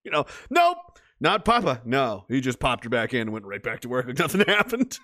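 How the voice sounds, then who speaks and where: Man host, from Nova Scotia; loose, profane comment-reading chat, animated pitch. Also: fast talker. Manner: profane, rambling, laughs often.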